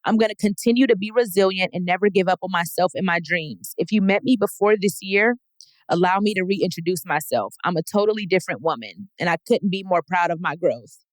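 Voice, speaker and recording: A woman's voice: fairly low pitch, dry recording. Emotional woman reading her own letters. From Texas. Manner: heartfelt, emotional, affirming. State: tearful. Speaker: podcast host. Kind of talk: reading personal letters aloud.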